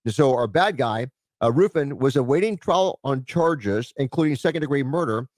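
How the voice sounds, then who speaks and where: A man's voice: mid-range voice, lively intonation, normal speed, dry recording, studio quality. A man hosting a law enforcement talk show, reading a news story aloud and adding loose, casual asides. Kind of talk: casual roundtable discussion.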